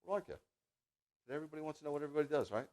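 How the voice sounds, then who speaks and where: Animated, jokey male rabbi preaching. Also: fairly high pitch, racing. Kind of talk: sermon with personal storytelling.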